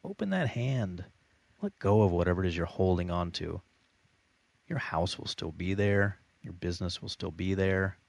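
A man's voice: low voice, lively intonation, normal speed, creaky, darkish tone, dry recording. A man teaching a recorded online course lesson with an emphatic, repetitive, motivational delivery. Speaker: course instructor.

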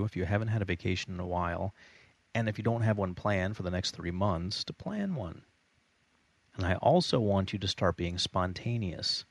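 A man's voice: low-pitched, no room sound. A man teaching a recorded online course lesson with an emphatic, repetitive, motivational delivery. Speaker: course instructor.

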